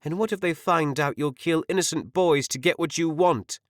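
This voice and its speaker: A man voicing a quick-witted young woman squire in an audiobook. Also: a little high, no room sound, studio quality, pitched above the performer's own voice, natural voice. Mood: defiant.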